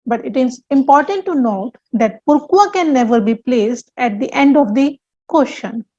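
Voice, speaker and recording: Woman, language teacher, high voice, slow and deliberate, repeats examples, slightly muffled recording. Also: lively intonation, darkish tone. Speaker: French teacher. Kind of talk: explaining grammar to learners.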